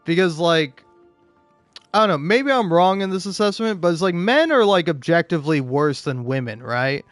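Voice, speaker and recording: A man's voice: on the high side, expressive, moderate pace, dry recording, soft background music. A drunk man rambling profanely in casual gaming commentary, full of restarts and fillers. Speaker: gaming YouTuber.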